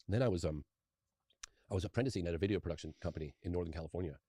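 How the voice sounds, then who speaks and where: A man's voice: sits low, very fast, dark tone, slightly rough, dry recording. A man in his fifties, a documentary filmmaker, telling a long personal story as an interview guest in a rambling, eager way, often restarting his sentences. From England.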